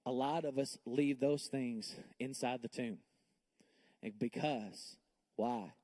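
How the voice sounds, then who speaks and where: A man's voice: mid-range voice, takes it slowly, mellow. A male pastor preaching a sermon in a church, candid and personal, building to emphatic bursts. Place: church sanctuary.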